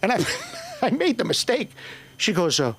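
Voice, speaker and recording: Older male comic, gravelly voice, swings his pitch wildly, rambling and profane. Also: huge pitch swings, moderate pace, a little hiss or hum. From Northern Ireland. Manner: profane, rambling, shouting bursts. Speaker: stand-up comedian. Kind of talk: open mic stand-up.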